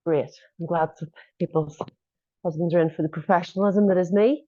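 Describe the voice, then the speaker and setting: A woman's voice: on the low side, fairly even intonation, fairly quick, warm tone. A woman fitness instructor coaching a workout class, giving encouraging cues and joking asides. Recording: dull lo-fi audio.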